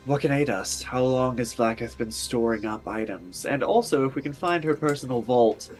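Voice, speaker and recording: A man's voice: medium pitch, darkish tone. A man playing a tabletop game, talking through his character's plans. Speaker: player. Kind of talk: tabletop role-play banter.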